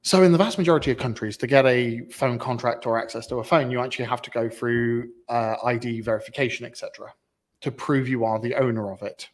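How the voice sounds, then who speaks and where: A man's voice: mid-range voice, quick pace. A man hosting a casual tech chat in a meeting room, explaining things in a wry, matter-of-fact way. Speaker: host.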